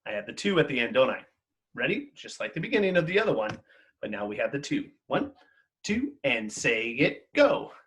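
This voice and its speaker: A male music teacher leading an online lesson for children, upbeat and encouraging. His pitch leaps and dips with lively energy as he counts the class in and chants rhythm syllables with them, speaking into a computer mic. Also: moderate pace, noisy background.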